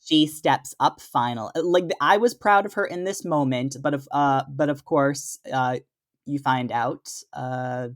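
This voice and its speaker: A man guest-hosting a podcast, chatting about a horror film with lots of halting restarts. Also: mid-range voice. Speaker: guest co-host. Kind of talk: casual movie chat.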